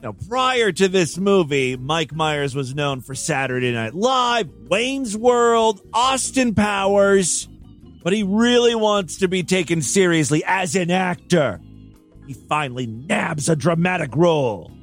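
A man's voice: high-pitched, lively intonation, unhurried, faint music behind. A man hosting a comedy podcast, reading odd news stories aloud and breaking in with wisecracking, mock-outraged asides. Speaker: podcast host. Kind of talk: comic news commentary.

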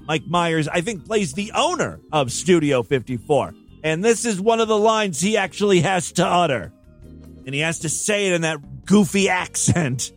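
Lively wisecracking male podcast host. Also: high-pitched, moderate pace, faint music behind. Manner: wisecracking, mock-outraged asides. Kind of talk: comic news commentary.

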